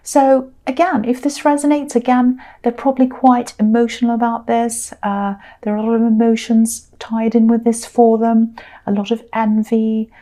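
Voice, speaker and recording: A woman with a fairly high, mellow and warm voice talks through a tarot spread. Her delivery is chatty and meandering, circling back to reassure the listener. She sounds middle-aged and unhurried. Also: little pitch movement. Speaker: tarot reader. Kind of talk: casual tarot reading monologue.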